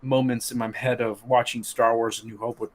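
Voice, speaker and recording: A man talking as a guest on a casual podcast, rambling with many restarts and fillers, getting animated. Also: mid-range voice, brisk. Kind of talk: casual chat.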